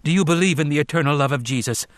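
A man's voice: fairly high pitch, racing, no room sound, studio quality, voice pushed up, close to an everyday voice. A man voicing a cold, commanding preacher woman. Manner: hammering, rhetorical preaching.

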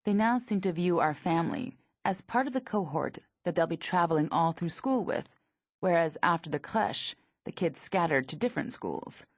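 A woman in her thirties narrating her memoir in a dry, observational manner, with a husky, gravelly voice. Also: on the low side, animated, normal speed, no room sound. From United States.

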